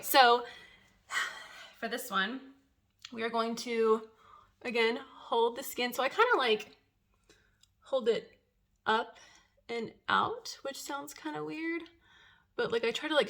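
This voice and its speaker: Young adult woman, waxing pro, casual how-to, chatty with nervous laughs, slightly high pitch. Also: slow pace, pauses often, fairly bright tone. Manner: drops to a whisper while waxing herself. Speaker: waxing professional. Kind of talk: casual tutorial.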